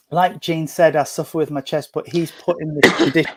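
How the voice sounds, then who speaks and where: Man, gentle chatty medium, raised pitch, calling people sweetheart, home video call. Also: vocal fry, heavy background noise. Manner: chatty, gentle, full of endearments. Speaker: spiritualist medium. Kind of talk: mediumship reading in an online service. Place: at home at a breakfast table.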